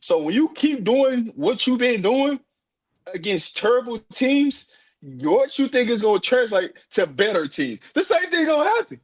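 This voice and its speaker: Male sports guest, high and lively, brags and laughs through his takes. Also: normal speed. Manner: boastful, laughing, animated hype. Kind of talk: sports commentary podcast.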